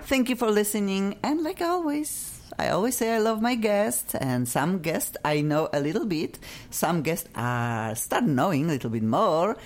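Effusive radio host, low lively voice. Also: female voice, normal speed, few pauses. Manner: effusive, animated, playful. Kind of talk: casual radio chat. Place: radio studio.

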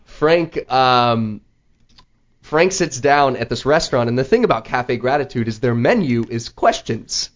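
A man hosting a show, telling a story in casual chat, rambling with lots of "like" and an animated manner. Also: medium pitch, measured pace. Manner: rambling, heavy use of "like", animated retelling. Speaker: podcast host. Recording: slightly dull lo-fi audio.

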